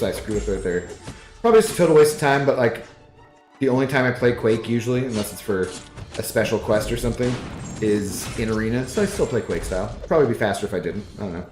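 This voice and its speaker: In a darkish, mid-range voice, a man chats in a laid-back, rambling manner while streaming a game from his apartment living room, reading the viewers' chat aloud. The recording carries a roomy echo and some faint music.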